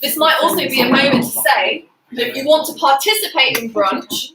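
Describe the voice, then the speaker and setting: Young woman choir director, chatty and explanatory, slightly high voice, recorded from across an echoey kitchen. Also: lively intonation, brisk, hardly any pauses. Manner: chatty, explanatory, laughs often. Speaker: artistic director, choir leader. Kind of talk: casual chat on a livestream. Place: home kitchen. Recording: echoey kitchen, mic far off, clear background noise.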